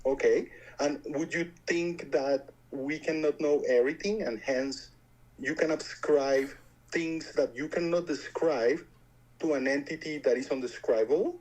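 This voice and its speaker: A man's voice: on the high side, a little slow, a little mellow, low-quality recording. A man with a foreign accent calling into a stream debate, stammering and repeating words, half joking. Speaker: caller.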